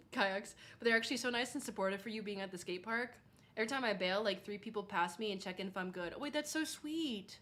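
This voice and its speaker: A woman's voice: medium pitch, a little fast, a bit bright. A young woman streaming, chatting casually and reading chat aloud, saying "like" a lot and laughing often.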